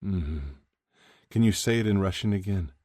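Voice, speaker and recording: A man doing an eager, earnest young hockey player in an audiobook. The voice comes from a very deep base but lifts a little and sounds sincere and open. The sound is dry and close. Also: expressive, normal speed, mellow, no room sound. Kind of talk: audiobook character voice.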